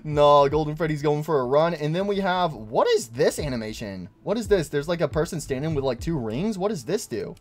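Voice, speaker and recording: A man giving excitable gameplay commentary on his channel, gushing over details on screen. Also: on the high side, brisk, few pauses, faint music behind. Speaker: gaming YouTuber.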